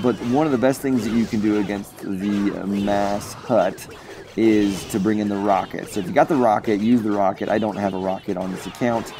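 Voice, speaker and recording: A young man hosting his gaming channel, chatty and jokey, commentating a mobile strategy match and getting excited at close moments. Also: on the low side, slight background noise. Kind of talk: gameplay commentary.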